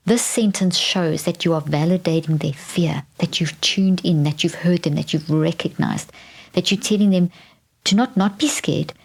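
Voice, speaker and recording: A woman with a low speaking voice hosts a podcast and explains parenting advice to listeners. She talks conversationally and restarts her sentences, and at times she lowers her voice to a soft whisper. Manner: drops to a soft whisper when modeling gentle phrases. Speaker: podcast host. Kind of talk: teaching talk to parents.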